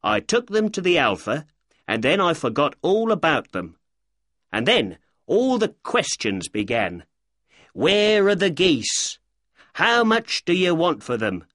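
A man's voice: fairly high pitch, a bit bright, dry recording, studio quality, pitched above the performer's own voice, heavily acted. A man doing a grumpy, defensive shopkeeper. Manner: defensive and irritable. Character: grumpy middle-aged male poultry seller. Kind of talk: audiobook character reading.

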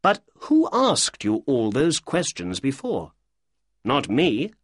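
A sharp, inquisitive detective, as an audiobook narrator puts him on, lifted well above the reader's own voice and swinging through a very lively melody. He asks brisk, courteous questions at an unhurried pace, with a husky edge on a dry, close recording. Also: medium pitch, no room sound, pitched above the performer's own voice, heavily acted. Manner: brisk, polite and probing. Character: keen sharp-witted male detective. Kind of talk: audiobook character reading.

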